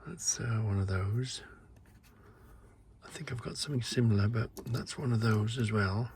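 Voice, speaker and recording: A man's voice: medium pitch, a little fast, vocal fry, a little mellow, a little hiss or hum. A man vlogging in a shop, chatting casually and trailing off into muttering and whispers as he looks over items. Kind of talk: casual chat while browsing. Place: indoor shop.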